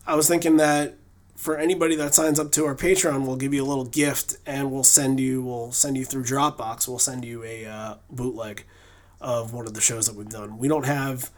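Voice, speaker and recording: A man co-hosting a podcast in casual chat. His voice sits at an everyday medium pitch. He rambles loosely, restarting sentences and filling pauses as he goes. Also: fairly even intonation. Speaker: podcast co-host. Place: lives in New England.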